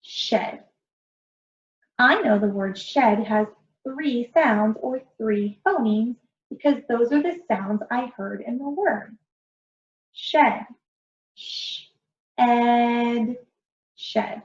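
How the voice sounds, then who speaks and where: A woman's voice: a little high, animated, takes it slowly, long pauses. A woman teacher giving an early reading lesson to young children, patient and encouraging, stretching out word sounds. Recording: roomy, dull lo-fi sound.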